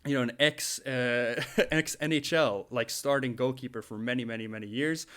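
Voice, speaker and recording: A young man telling a story in a casual podcast chat, animated and laughing often, with many restarts. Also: mid-range voice, normal speed. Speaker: podcast co-host.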